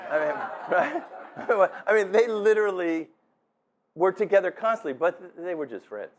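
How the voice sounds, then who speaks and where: At a restaurant dinner, a middle-aged father of the groom gives a wedding toast, telling a rambling story while laughing and restarting many times. His voice sits high, animated, at a moderate pace.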